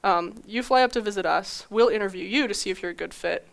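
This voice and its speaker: A woman's voice: mid-range voice, quick pace, creaky. A young adult woman giving a conference talk, telling a story with acted-out quotes and frequent laughs. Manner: animated, acts out quoted dialogue with laughs. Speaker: conference speaker.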